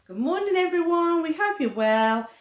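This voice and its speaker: A woman's voice: extremely high pitch, normal speed, roomy sound, dull audio. A woman presenting a live craft lesson for children, chatty and cheerful, now and then barking like a dog for fun. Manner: chatty, animated, says dog barks playfully.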